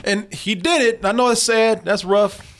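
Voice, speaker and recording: A man hosting a casual movie review chat, talking in an animated, profane way and laughing often. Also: high voice, a little slow, over music. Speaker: movie review show host.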